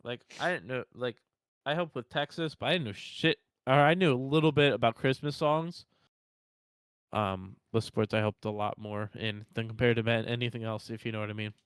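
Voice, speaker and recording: A man's voice: mid-range voice, moderate pace, a bit bright, smooth, no room sound. A young man co-hosting a podcast in casual chat, laid-back and rambling, swearing freely. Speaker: podcast co-host.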